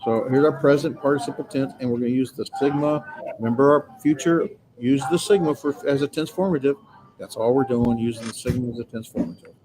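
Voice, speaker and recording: A Greek grammar instructor with a mid-range voice teaches his class fairly quickly, the rough recording picking up crowd noise. His lecture is patient and reassuring, peppered with filler sounds.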